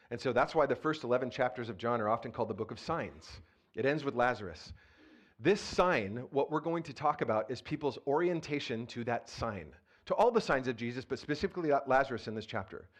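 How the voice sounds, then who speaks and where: A man preaching a casual, conversational sermon as pastor, playful and chatty, often asking the congregation questions, speaking into a handheld mic in a church. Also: mid-range voice. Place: church sanctuary.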